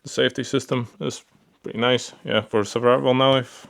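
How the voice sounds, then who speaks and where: Gravelly man reviewing gear casually. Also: medium pitch, brisk, slight background noise. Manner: relaxed, repeats fillers like "pretty cool" and "yeah"; handles the gear while talking. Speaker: product reviewer.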